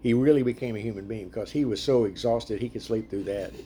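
A man leading a casual group Bible study, chatty and animated, laughing often as he retells the story. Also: fairly low pitch, quick pace, noisy background.

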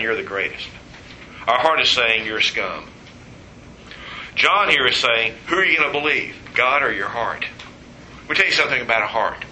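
A man preaching a sermon, telling stories with humor and quoting voices in an animated way. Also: medium pitch, reverberant, slight background noise, rough recording.

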